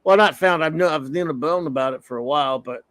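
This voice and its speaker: A man's voice: on the high side, fairly quick, fairly bright tone, no echo, rough recording. A man hosting a casual comics talk stream, chatting and reading viewer comments aloud. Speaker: comics talk show host. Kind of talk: casual livestream chat.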